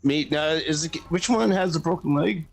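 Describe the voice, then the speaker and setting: A man's voice: a little high, moderate pace, vocal fry, soft background music. A man playing a tabletop role-playing game, casual and hesitant, repeating words as he decides. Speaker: player.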